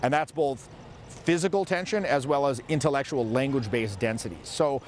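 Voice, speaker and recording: A man's voice: medium pitch, moderate pace, slight background noise. A man in his forties, a social skills coach, giving an emphatic instructional monologue and demonstrating vocal tones as he speaks.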